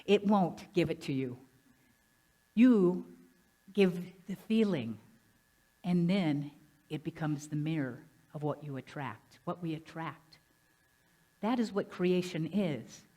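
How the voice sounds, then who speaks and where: A woman minister giving a lively, conversational sermon, often asking the congregation questions. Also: lowish voice, slow pace, long pauses. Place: church sanctuary.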